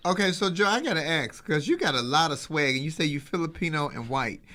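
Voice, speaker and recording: A man co-hosting a casual chat, loud and playful, often laughing. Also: a little high, sing-song, quick pace. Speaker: co-host.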